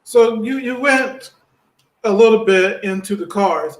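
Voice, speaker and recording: A man's voice: high-pitched, unhurried. A man hosting a casual interview, mostly offering brief affirmations and asking short questions. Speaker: interview host. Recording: roomy echo.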